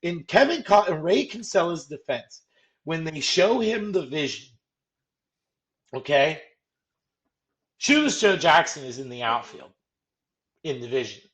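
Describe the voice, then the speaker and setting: Guy co-hosting a movie chat, bit higher voice, rambly, lots of "like". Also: measured pace, long pauses. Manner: animated, retells scenes, heavy use of "like". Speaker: podcast co-host.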